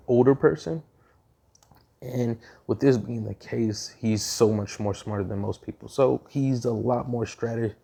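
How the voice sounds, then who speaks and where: A man with a gravelly, mellow voice tells a fan story off the cuff. He rambles and restarts often, filling gaps with ums. His tone stays casual throughout. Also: lowish voice.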